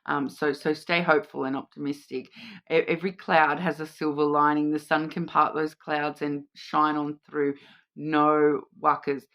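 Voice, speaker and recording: A woman's voice: sits low, level tone, moderate pace, fairly bright tone. A woman with an Australian accent, giving a casual, reassuring card reading to camera, chatty, with many fillers and restarts. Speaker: card reader.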